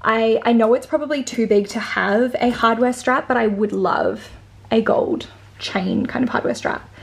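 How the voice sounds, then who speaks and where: A woman's voice: on the high side, normal speed, creaky. Gushing Australian woman, chatty vlog. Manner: chatty, gushing, lots of likes and ums. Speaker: vlogger. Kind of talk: casual unboxing vlog.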